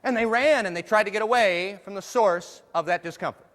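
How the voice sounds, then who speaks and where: High-voiced joking man in a hall. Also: a little fast, fairly bright tone. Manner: playful, jokey, asks the audience questions. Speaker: motivational speaker. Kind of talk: humorous keynote talk to a live audience. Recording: long hall reverb.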